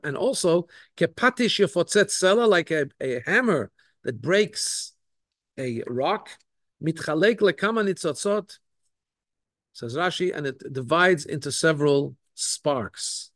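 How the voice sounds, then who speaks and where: Rabbi giving a lesson, man with a high voice, earnest and explanatory, close and dry sound. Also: sing-song, unhurried, fairly bright tone, dry recording. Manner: earnest, explanatory, often rephrasing points. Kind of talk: Torah lesson.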